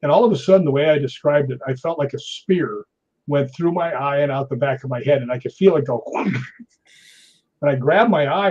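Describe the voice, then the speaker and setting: A man's voice: a little high, slightly rough. A man in his sixties, a guest in an interview, telling stories animatedly and acting out what people said. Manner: animated storyteller acting out quoted voices. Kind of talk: storytelling in an interview. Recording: dull lo-fi audio.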